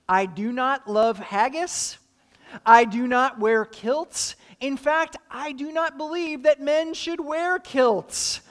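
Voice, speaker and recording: A man's voice: very high voice, a bit bright, in a large hall. A man preaching a sermon as pastor, joking dryly in asides and then stacking earnest rhetorical questions.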